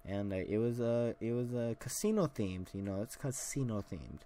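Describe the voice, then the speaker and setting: A man's voice: mid-range voice, moderate pace, warm tone. A young man hosting a solo podcast, telling a long casual story with many fillers and restarts. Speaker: podcast host.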